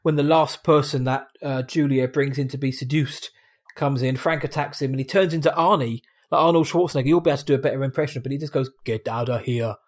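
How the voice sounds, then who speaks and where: A man's voice: a little high, fairly even intonation, fast talker. A man casually chatting about films as a podcast co-host, quoting and mimicking lines. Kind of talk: casual film review chat.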